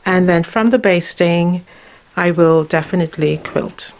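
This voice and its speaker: A woman's voice: fairly low pitch, a little hiss or hum. A woman vlogger chatting casually as she explains her quilting progress in her sewing room. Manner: chatty, relaxed and unhurried. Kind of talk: casual how-to narration.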